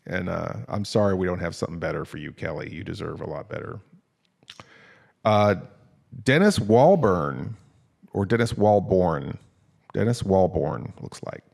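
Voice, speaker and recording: A man's voice: sits low, expressive, normal speed, vocal fry, darkish tone. A man hosting a casual comedy podcast, rambling and self-mocking with lots of fillers. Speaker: podcast host.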